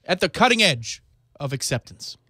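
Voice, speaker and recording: Deadpan male sports radio co-host. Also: a little high, normal speed, husky, no echo. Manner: dry, deadpan humor. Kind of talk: casual sports radio banter. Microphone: studio microphone.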